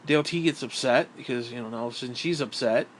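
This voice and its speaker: A man's voice: mid-range voice, fast talker, slight background noise. A middle-aged man in a casual monologue, ranting in a bitter, profane, rambling way. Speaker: vlogger.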